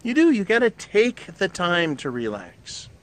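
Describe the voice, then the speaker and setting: A middle-aged man on his own show launches into a blunt, swear-filled rant of an opinion monologue. His high voice swoops wildly in pitch at a measured pace, with slight background noise.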